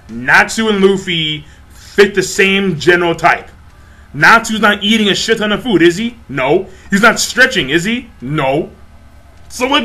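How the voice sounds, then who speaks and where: A man ranting casually to camera in an animated, profane way, often repeating himself. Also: high-pitched. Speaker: vlogger.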